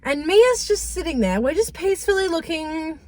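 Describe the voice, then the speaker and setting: A woman's voice: very high voice, moderate pace. A young woman, co-hosting a casual chat, teasing and swearing freely. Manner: animated, teasing, swears freely, laughs often. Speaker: co-host.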